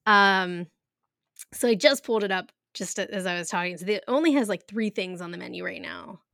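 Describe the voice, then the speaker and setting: Bright giggly woman in her 30s, chatty podcast host, dry close mic. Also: mid-range voice, fairly quick, vocal fry, no echo. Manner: giggly, chatty, lots of fillers. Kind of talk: casual chat.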